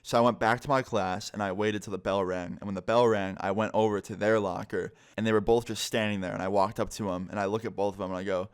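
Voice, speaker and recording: Young male vlogger, slightly low voice, loose and profane storytelling. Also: steady tone, quick pace, hardly any pauses, clear, resonant tone. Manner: casual, profane, rambling. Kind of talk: casual storytime.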